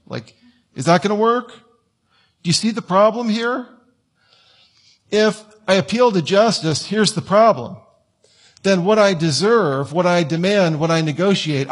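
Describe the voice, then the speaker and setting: Husky-voiced man preaching a sermon. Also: on the high side. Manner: conversational, acts out whiny quoted voices. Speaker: pastor. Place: church.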